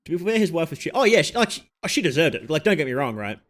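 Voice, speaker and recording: A man's voice: fairly high pitch, big pitch swings, rapid-fire, a bit bright. Chatty Australian man streaming a game. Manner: rambling and chatty, with self-interrupting asides. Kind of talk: casual gameplay chat.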